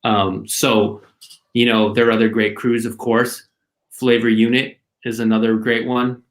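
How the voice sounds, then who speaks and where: A man at a middle pitch talking casually on a podcast. He stumbles and restarts a lot, but keeps a friendly, easygoing flow. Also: level tone, measured pace. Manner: hesitant, restarts sentences. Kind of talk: casual chat.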